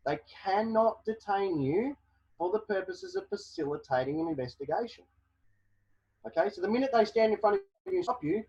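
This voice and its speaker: A man's voice: high-pitched, a little mellow, husky. Emphatic man on muffled webinar audio. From Australia. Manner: emphatic, repeats "okay?" to drive points home. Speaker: webinar presenter. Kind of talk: explaining legal advice to a caller.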